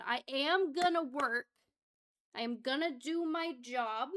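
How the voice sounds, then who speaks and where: A woman's voice: high-pitched, slow pace, a bit bright. A young woman hosting a casual livestream from her home setup, chatting with viewers in a bubbly, giggly way and getting easily flustered. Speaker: livestream host.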